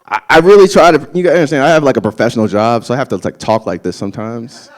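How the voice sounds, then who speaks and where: A man's voice: mid-range voice, animated, very fast. Man, young adult, stand-up comic, profane, chatty storytelling, live venue. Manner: loose, profane, conversational storytelling. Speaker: stand-up comedian. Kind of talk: stand-up comedy set.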